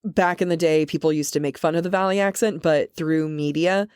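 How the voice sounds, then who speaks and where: A young American woman co-hosting a book podcast, chatty and animated, often laughing. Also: sits low, fairly quick, clean tone, no room sound, studio quality. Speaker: podcast co-host. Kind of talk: casual book podcast chat.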